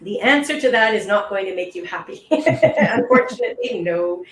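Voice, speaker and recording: A woman's voice: mid-range voice, animated, moderate pace, a little hiss or hum. A woman test-prep instructor answering questions on a webinar in a patient, reassuring, explanatory way, over a video call. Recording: roomy echo.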